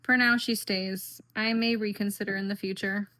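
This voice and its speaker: A woman talks through her deck collection like a casual vlog. Her voice sits at an ordinary middle pitch. Her speech rambles, looping back with frequent "like" and "um" as she thinks aloud. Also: steady tone, normal speed, pushed and bright. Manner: chatty and rambling, with frequent fillers and "like". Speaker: tarot and oracle deck vlogger. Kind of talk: casual chat.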